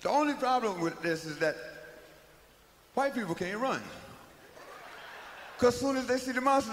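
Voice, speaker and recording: A man's voice: very high-pitched, lively intonation, brisk, long pauses, a bit bright, some chatter behind. A man giving a live spoken-word comedy monologue, telling the story in a loose, profane, rhythmic way. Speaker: comic storyteller. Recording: live hall recording, faint noise.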